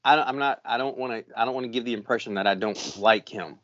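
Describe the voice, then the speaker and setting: A man's voice: mid-range voice, quick pace, a bit bright, no echo. Middle-aged man, podcast co-host, swearing storyteller, dry dull recording. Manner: profane, ranting storyteller. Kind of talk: casual chat, storytelling.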